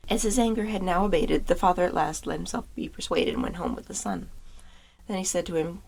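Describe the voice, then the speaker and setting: Low, gravelly woman reading a fairy tale. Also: a little fast, a little mellow. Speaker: author and storyteller. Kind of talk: fairy tale read-aloud narration.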